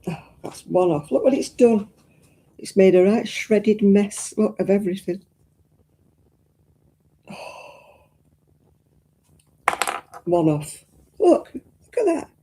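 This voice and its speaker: A woman's voice: mid-range voice, expressive, unhurried, warm tone. A woman, hosting a casual crafting live stream and chatting to viewers, fussing and exclaiming as she talks. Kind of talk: casual live-stream chat while crocheting.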